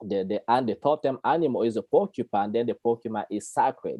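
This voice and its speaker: A man's voice: medium pitch, brisk, few pauses, dark tone, husky, no room sound. A man, speaking in a casual explanatory way. He laughs often, repeats words and keeps checking in with "you know" and "all right". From Congo. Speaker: guest speaker on Kongo spirituality.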